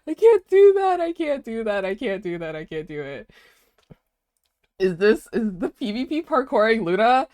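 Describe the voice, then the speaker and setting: Young female streamer, animated high voice, unhurried, dry close mic, reacts with big laughs. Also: no echo. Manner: excitable, laughing, dramatic repeated cries. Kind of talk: live stream reaction chat.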